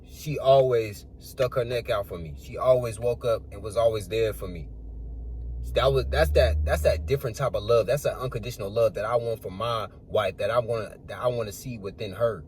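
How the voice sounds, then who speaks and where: Low-voiced young man musing earnestly. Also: brisk, darkish tone, slight background noise. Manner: rambling, earnest, repetitive, swears freely. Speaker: channel creator. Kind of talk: casual spiritual monologue.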